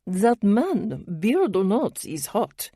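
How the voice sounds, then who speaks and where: A woman's voice: medium pitch, very animated, slow, mellow, breathy edge, no room sound, clean studio sound, voice pushed up, heavily acted. A woman voicing a flirty, tipsy French woman with a thick French accent who teases boldly. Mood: teasing. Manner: teasing, bold and uncensored.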